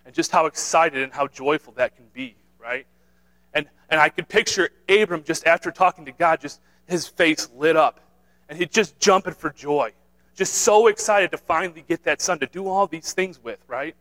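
A man's voice: on the high side, normal speed, a bit bright, poor audio. A man preaching a sermon in an earnest way, repeating himself, restarting phrases and asking his listeners "right?". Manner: earnest, repetitive, with many restarts and "right?" tags.

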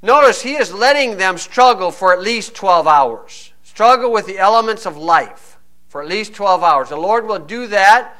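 This man preaches a conversational sermon in a high, expressive voice with a sharp tone and normal pace. He reads old-style scripture verses aloud, then pauses to explain them with wry, folksy asides.

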